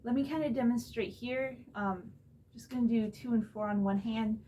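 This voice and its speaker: Woman, young adult, drum teacher, casual lesson, relaxed explaining, somewhat high voice, faint noise, cheap camera mic. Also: normal speed. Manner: relaxed, explains step by step with fillers. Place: room with a drum kit. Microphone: phone or camera mic.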